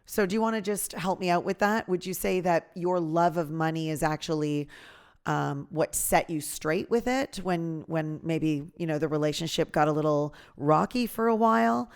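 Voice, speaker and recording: A woman's voice: low-pitched, moderate pace, smooth. A woman co-hosting a casual podcast, asking long, thoughtful questions. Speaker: podcast co-host.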